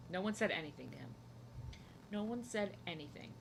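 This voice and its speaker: A woman's voice: on the low side, animated, brisk, vocal fry, slight background noise. A young woman chatting casually while she draws at home, rambling from joke to joke and often cutting herself off mid-sentence. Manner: rambling, jokey, self-interrupting. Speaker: art streamer. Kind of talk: casual chat while drawing. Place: home, seated at desk.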